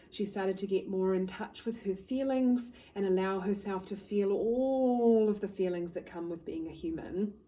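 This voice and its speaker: A woman hypnotherapist, calmly telling a client's story to the camera. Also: medium pitch, rough recording. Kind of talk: talking to camera, case story.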